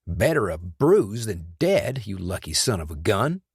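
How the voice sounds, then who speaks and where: Casting: narrator putting on a gentle, caring guy friend, slightly raised voice, audiobook, dry sound. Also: on the low side, sing-song, unhurried, creaky, slightly rough, no room sound, heavily acted. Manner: kind, lifted voice. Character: caring male friend, adventurer.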